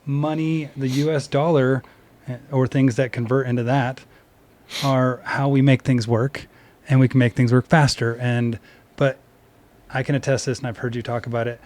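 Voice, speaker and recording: A man's voice: medium pitch, little pitch movement, normal speed, a little mellow. Loose, rambling male podcast host. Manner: loose, rambling, filler-heavy. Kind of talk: casual chat.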